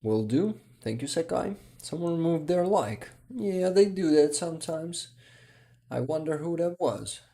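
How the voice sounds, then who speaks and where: Slow, gravelly, tired male streamer. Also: a little high, lively intonation. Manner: hesitant, halting, full of restarts, with soft chuckles. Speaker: livestream host. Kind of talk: casual livestream chat, reading viewer comments.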